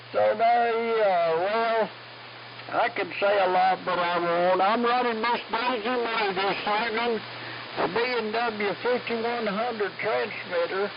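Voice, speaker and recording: A man's voice: sits high, slow pace, vocal fry. A man, checking in on an amateur radio net, folksy and joking, heard through lo-fi AM radio with static. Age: 70s. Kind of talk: ham radio chat.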